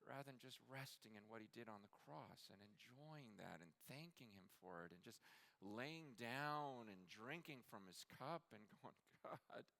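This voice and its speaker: A man preaching a sermon at a conference, earnest and impassioned, building to shouts. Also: medium pitch, vocal fry. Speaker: conference speaker.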